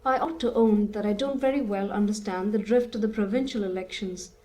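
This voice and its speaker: A woman's voice: medium pitch, fairly quick, darkish tone, close to an everyday voice. A woman voicing a young male landowner in an audiobook, asking plain, earnest questions.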